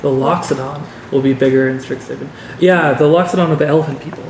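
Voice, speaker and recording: A man's voice: on the high side, fairly even intonation, fast, darkish tone. A man in casual chat who explains eagerly and corrects others with confidence. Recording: roomy with faint noise.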